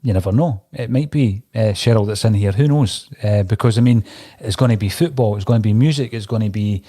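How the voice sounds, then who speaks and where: A man's voice: lowish voice, brisk, warm tone. A man with a Scottish accent hosting a casual podcast, asking easygoing prompting questions. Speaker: podcast host. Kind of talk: casual chat.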